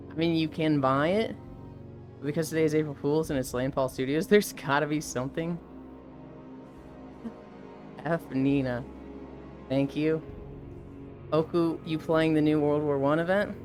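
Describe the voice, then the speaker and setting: A young woman streaming live and chatting casually, retelling an anime with lively, profane commentary and acted quotes. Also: deep voice.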